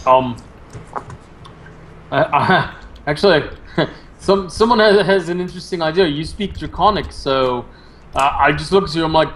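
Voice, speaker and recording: A man's voice: a little high, moderate pace, pauses often, a bit bright. A man playing in an online tabletop game, laid-back and casually swearing as he plans his moves. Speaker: player.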